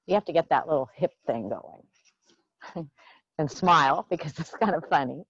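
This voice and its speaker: A woman teaching qigong, guiding breath meditation with slow, soothing cues and a playful touch during affirmations. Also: deep voice, breathy edge, no echo. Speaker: qigong instructor. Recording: dull, dry lo-fi sound.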